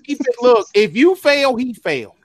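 A man making quick, excitable, teasing remarks in a casual chat. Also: very high-pitched, slight background noise.

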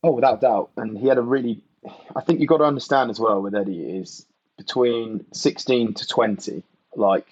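A man's voice: mid-range voice, moderate pace, darkish tone, no echo, dull audio. A man from England, a podcast guest and former rugby player, talking in a casual, reflective way, often saying "you know" and "mate".

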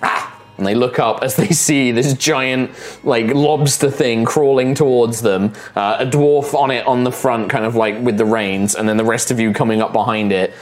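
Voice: medium pitch, steady tone, moderate pace. A game master narrating a tabletop game in a loose, giggly way with lots of fillers.

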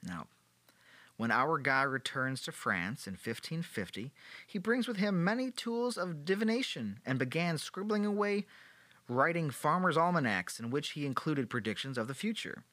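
A man's voice: on the high side, very animated, moderate pace, sharp tone, dry recording. A man hosting a podcast, telling a history story in a casual, playful way with sarcastic joking asides. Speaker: podcast host.

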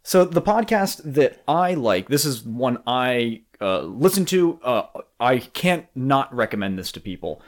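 A man's voice: mid-range voice, sing-song, a little slow, few pauses. A man hosting a casual podcast chat, easygoing, laughing often, with many fillers. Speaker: podcast host.

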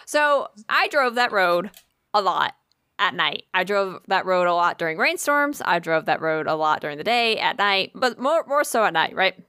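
Young woman, animated foul-mouthed storyteller; bright, dry close sound. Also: medium pitch, moderate pace, smooth, dry recording. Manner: animated, swears a lot, laughs often. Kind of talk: casual storytelling chat.

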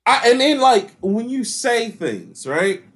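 A man hosting a casual podcast chat, talking with passion and heavy profanity, sometimes raising his voice to a shout. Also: extremely high pitch, big pitch swings, takes it slowly, a crowd in the background. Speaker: podcast host.

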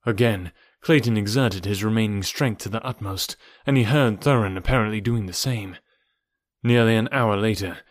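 Low-voiced male audiobook narrator. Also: no room sound, clean studio sound.

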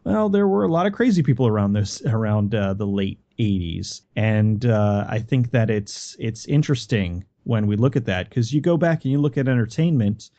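A man chats casually about movies, rambling and trailing off at the ends of his thoughts. His voice is low and dark, and the recording is slightly dull and muffled. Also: animated, moderate pace, few pauses. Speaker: podcast co-host. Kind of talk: casual film discussion.

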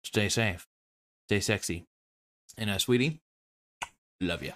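A man with a fairly low voice hosts his own show and signs off in a loose, rambling way. He is goofy and self-mocking and jumps from one topic to the next. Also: takes it slowly, a bit bright. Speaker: host of an online show. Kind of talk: rambling casual sign-off.

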